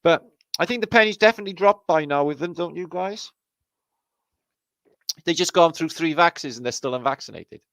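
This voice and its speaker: A man's voice: on the high side, moderate pace, long pauses, fairly bright tone, no room sound. A man with a Welsh accent hosting a casual livestream, greeting viewers by name with jokey, sweary banter. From Wales. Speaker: livestream host.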